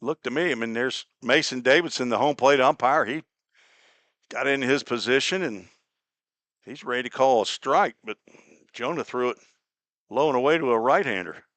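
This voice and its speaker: A man from Cincinnati calling a baseball game play by play, chatty and folksy, drifting into small talk between pitches. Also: normal speed, pauses often, fairly bright tone, dry recording. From Cincinnati, Ohio. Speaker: play-by-play announcer. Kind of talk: live baseball radio commentary.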